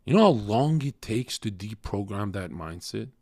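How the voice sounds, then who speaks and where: A man's voice: lowish voice, animated, moderate pace, darkish tone, no echo. A young man streaming and lecturing his chat in a crude, cocky, swearing monologue. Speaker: livestreamer talking to chat. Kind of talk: casual blunt stream monologue.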